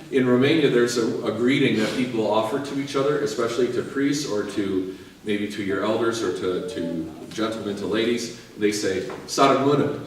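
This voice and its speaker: A male priest preaching a sermon, lively and joking as he urges the listeners on. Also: medium pitch, a little hiss or hum. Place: large church. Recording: echoey church from far off.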